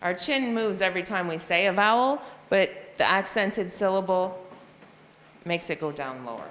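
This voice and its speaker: A woman's voice: mid-range voice, animated, fairly bright tone. Woman teacher explaining phonics, reverberant hall. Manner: explanatory, spells out letters and sounds slowly. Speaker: reading intervention teacher. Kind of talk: professional development presentation. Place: school room or hall.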